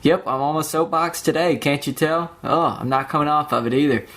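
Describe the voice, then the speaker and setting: A man's voice: a little high, a little fast, fairly bright tone. A young man hosting his own podcast, ranting alone with heavy profanity and sarcasm, mocking other people in put-on voices. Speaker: podcast host. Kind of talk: solo podcast rant.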